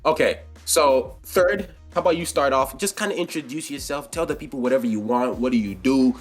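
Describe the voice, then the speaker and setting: A man's voice: medium pitch, a little fast, faint music behind. A young man co-hosting a casual podcast, joking and swearing loosely, with a scratchy voice. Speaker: podcast co-host. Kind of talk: casual chat.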